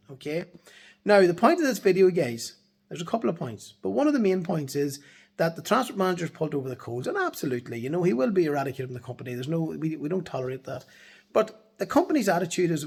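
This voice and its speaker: A man's voice: fairly high pitch, big pitch swings, quick pace, gravelly, a little mellow, slightly rough. A man giving a casual talk to camera from his office in the evening. He speaks bluntly and emphatically as a transport compliance consultant, swearing freely.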